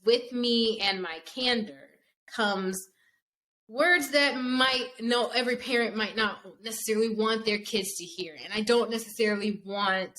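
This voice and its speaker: A woman hosting a podcast, candid and quick to laugh, chatting casually with her guest. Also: fairly high pitch, sharp tone. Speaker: podcast host.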